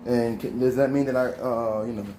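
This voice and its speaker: A man's voice: medium pitch, steady tone, a little fast, dark tone, a little hiss or hum. A man hosting a casual spiritual monologue, talking in a slangy, conversational street style. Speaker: host.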